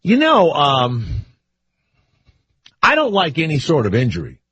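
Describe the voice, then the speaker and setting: A man's voice: fairly high pitch, huge pitch swings, unhurried, fairly bright tone, husky. An older man hosting a talk radio show, rambling and wisecracking in loose asides with callers and co-hosts. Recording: muffled lo-fi radio broadcast.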